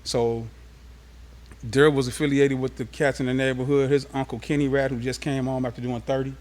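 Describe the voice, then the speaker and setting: Man from los angeles, interview guest, casual streetwise storytelling, mid-pitched voice. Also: level tone, a little fast, darkish tone.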